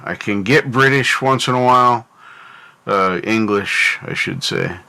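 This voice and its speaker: A man's voice: medium pitch, unhurried, sharp tone. A North American man hosting a livestream, rambling casually and thinking aloud while he answers his chat. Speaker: livestream host.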